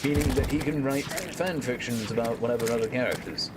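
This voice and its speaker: A man's voice: medium pitch, fairly quick, heavy background noise. A young British man streaming a game, chatting casually with friends and bursting into laughter.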